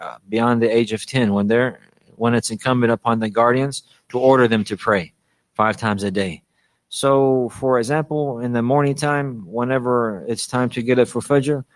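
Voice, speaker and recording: A man's voice: mid-range voice, no room sound. A man giving a religious lesson on manners, often repeating a phrase to stress it and restarting his sentences. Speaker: Islamic teacher.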